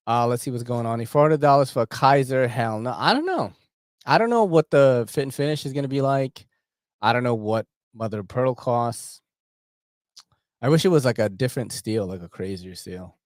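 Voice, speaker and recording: Slangy man hosting a livestream, mid-pitched, dry close sound. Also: no room sound. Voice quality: slangy, laughing, animated. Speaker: host. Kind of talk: casual livestream chat.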